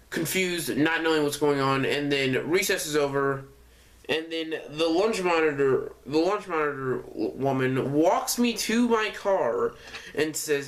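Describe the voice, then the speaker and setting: A man's voice: on the high side, a bit bright. A young man telling a casual storytime, rambling and correcting himself often with lots of fillers. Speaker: vlogger.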